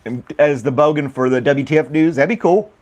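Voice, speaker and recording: Casual morning host, an American man at home, rambling with lots of ums and quick laughs. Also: fairly high pitch, a little mellow, lo-fi sound, a little hiss or hum. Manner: rambling, laughs often, many fillers. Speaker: morning talk show host. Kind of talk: casual chat with live chat viewers.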